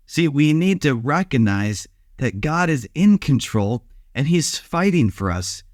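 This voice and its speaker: A male pastor giving a short daily devotional, preaching in a relaxed, conversational way with some filler sounds. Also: a little high, no room sound, clean studio sound.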